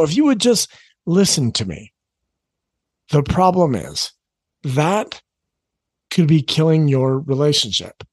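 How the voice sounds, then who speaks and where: A man's voice: a little high, a little mellow, no room sound. A middle-aged man coaching parents in an earnest, conversational talk, repeating his key phrases. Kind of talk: direct-to-camera advice talk.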